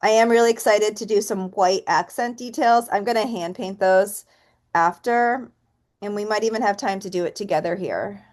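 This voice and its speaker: A woman teaching a relaxed painting tutorial, chatting and thinking aloud as she works and counting softly while she stamps. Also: mid-range voice, normal speed. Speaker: painting instructor. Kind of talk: relaxed step-by-step art tutorial.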